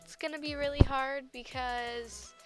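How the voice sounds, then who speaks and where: A young woman with a high voice chats through her gameplay video, easily excited and gushing. Faint music plays underneath. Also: unhurried. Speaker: gaming YouTuber. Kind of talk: casual gameplay commentary.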